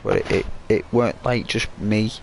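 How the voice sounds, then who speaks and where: A man casually telling a rambling, halting story while commenting on a video game. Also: on the low side, gravelly, noisy background. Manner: rambling, halting, excitable when retelling. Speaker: gaming commentator. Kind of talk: casual storytelling over gameplay.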